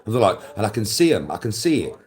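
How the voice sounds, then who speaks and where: A middle-aged English man rants at the camera in a low voice that swoops up and down. His talk is coarse and full of swearing, and he lectures the viewer directly as a live-stream host. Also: fast talker. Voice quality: coarse, swearing, lively delivery. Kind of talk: blunt ranting monologue.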